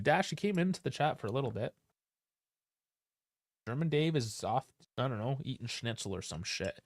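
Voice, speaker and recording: A man's voice: mid-range voice, expressive, brisk, dry recording, studio quality. A man hosting a live football stream, talking in a casual, frustrated and sarcastic way, with plenty of swearing. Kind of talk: casual live-stream post-match rant.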